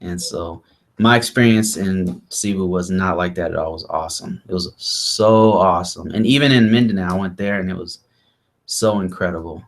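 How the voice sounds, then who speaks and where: Low-voiced man telling an animated story. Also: moderate pace. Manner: animated, acts out quotes of others. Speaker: vlog host. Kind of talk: casual storytelling chat.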